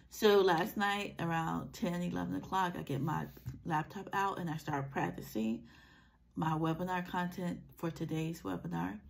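Gravelly low-voiced woman with a scratchy throat. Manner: earnest, encouraging, conversational. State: scratchy throat from a sinus cold. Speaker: life coach. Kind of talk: motivational vlog talk.

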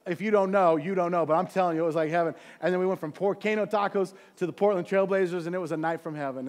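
A middle-aged man preaching as a church pastor, telling a personal story and building to fervent, earnest exhortation. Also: high-pitched. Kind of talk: sermon.

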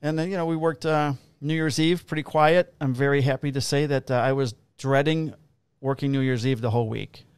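A man, a police officer co-hosting a podcast, telling work stories in a casual, profane, animated way and acting out the quotes. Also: mid-range voice, brisk, hardly any pauses, smooth, no room sound. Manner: profane, animated storyteller who acts out quotes. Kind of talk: casual chat, storytelling.

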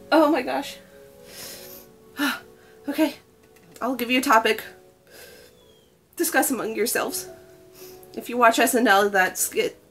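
A young woman talks her way through an unboxing with gushing, breathless delight, gasping at every reveal. Her voice sits a little high. Soft music plays faintly underneath. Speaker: unboxing vlogger. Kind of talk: excited unboxing chat.

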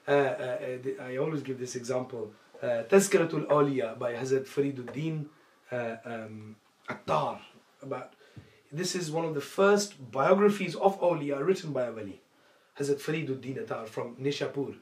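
A man giving a storytelling religious lecture. He acts out the quoted dialogue with sudden loud, high outbursts. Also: normal speed. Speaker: religious teacher. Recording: echoey room.

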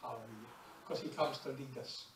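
High-voiced preacher in an echoey hall. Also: male voice, moderate pace, a little hiss or hum. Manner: lively storytelling, acting out little prayers and shop scenes. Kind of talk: sermon. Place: church hall. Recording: echoey church hall, distant mic.

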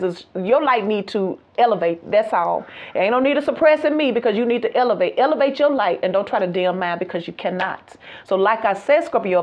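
High, animated woman reading tarot. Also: lo-fi sound. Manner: animated, laughs often, sings out phrases. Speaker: tarot reader.

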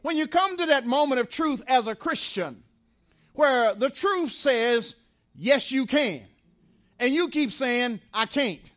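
A man preaching in a church with a strikingly high voice. He drives his points home through repetition and rhetorical questions, then drops low and slow for emphasis. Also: expressive, fairly bright tone. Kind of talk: sermon. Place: church sanctuary.

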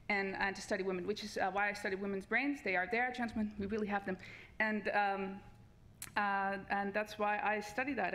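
A woman's voice: medium pitch, fairly bright tone. A woman researcher giving a comic debate speech on a festival stage, full of hesitant restarts and wry humor.

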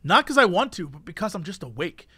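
A man co-hosting a podcast, telling a story in casual chat with animated swings between loud bursts and mumbled asides. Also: high-pitched, fast talker, slightly rough, no room sound, clean studio sound. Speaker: podcast co-host.

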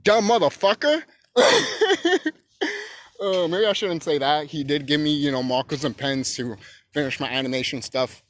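A man ranting on his own channel in a loose, profane monologue. His voice keeps swinging into emphatic shouting. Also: medium pitch, steady tone, a little fast. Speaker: YouTube channel host.

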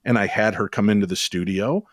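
A man who hosts a paranormal radio show, telling stories as a podcast guest in a lively, quick way with sudden jumps in pitch. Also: no room sound, clean studio sound. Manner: animated, quick storytelling with sudden rises in pitch. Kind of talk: storytelling in a podcast interview.

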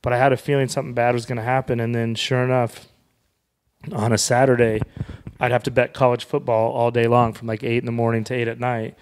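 Give me a man at a middle pitch telling a profane story as a podcast guest. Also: little pitch movement, fairly quick, clear, resonant tone. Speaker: podcast guest, comedian and author. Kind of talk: casual storytelling.

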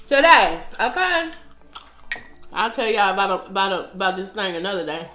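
A woman's voice: medium pitch, normal speed, roomy sound. Chatty middle-aged woman eating on camera. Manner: chatty, talks to viewers while eating, lots of mm sounds. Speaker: mukbang host. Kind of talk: casual eating chat.

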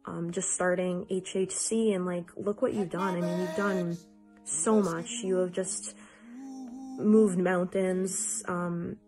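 A woman's voice: on the low side, steady tone, measured pace, a little mellow, soft background music. A woman giving an earnest, emotional get-well message to a friend, repeating herself for emphasis.

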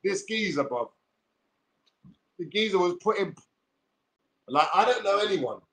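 This forties-aged YouTuber from London swears his way through a combative livestream rant, heavy on streetwise slang. His high voice is animated, a bit bright, and unhurried.

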